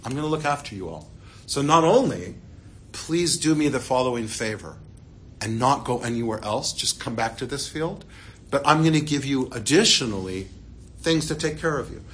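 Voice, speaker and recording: A man's voice: medium pitch, lively intonation, normal speed, fairly bright tone, a little hiss or hum, lightly acted. A man voicing a kind protective landowner. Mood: reassuring. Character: generous male landowner, calm and protective.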